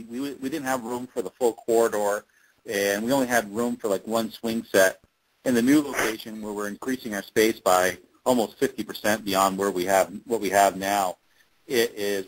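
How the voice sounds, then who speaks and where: A man's voice: on the low side, rough recording. A man being interviewed, telling a long story casually with many fillers and restarts. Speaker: interview guest, fan-series actor.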